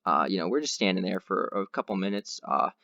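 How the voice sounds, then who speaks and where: A man's voice: deep voice, expressive, a little fast, vocal fry, bright, forceful tone, dry recording, lo-fi sound. A man hosting a podcast, telling a long rambling anecdote in casual chat with lots of fillers. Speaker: podcast host.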